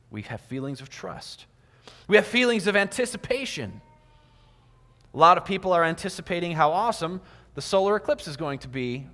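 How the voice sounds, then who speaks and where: A preacher with a slightly high, fairly bright voice delivers a sermon in a church, acting out small everyday scenes in quoted voices. The recording carries a long hall reverb.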